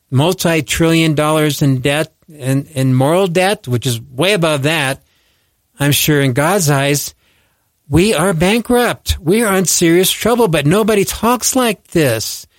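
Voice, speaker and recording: A man's voice: on the high side, dry recording. A man delivering an earnest, exhorting sermon as host of a ministry show, lifting his voice for emphasis. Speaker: preacher hosting a ministry show.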